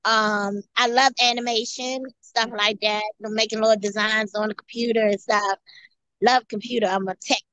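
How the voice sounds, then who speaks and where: A woman guest tells her own story in an earnest, halting way, looping back over phrases as she goes. Her voice sits a little high, and the recording is dry with no room sound. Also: flat delivery, fairly bright tone, no echo. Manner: halting, repeats and restarts phrases. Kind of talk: personal testimony.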